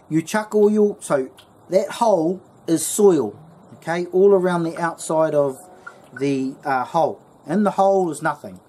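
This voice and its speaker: A man's voice: on the high side, darkish tone. A man with a New Zealand accent telling a story and giving a casual how-to talk as a bushcraft channel host, rambling and chatty. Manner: rambling, lots of fillers and restarts, chatty.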